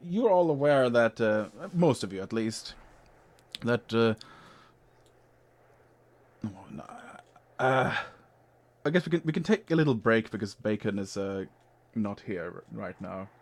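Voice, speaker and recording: Hesitant male game master, slow and deep-ish delivery, fumbling with fillers, jokey. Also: expressive. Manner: hesitant, halting, full of fillers. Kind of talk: running an online tabletop game.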